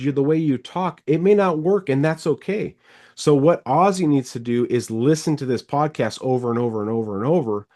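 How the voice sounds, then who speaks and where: Middle-aged guy coaching car sales over video call, animated and rambly, keeps talking. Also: a little high. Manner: animated, rambling, quick bursts. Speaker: sales trainer, podcast host. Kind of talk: casual coaching chat.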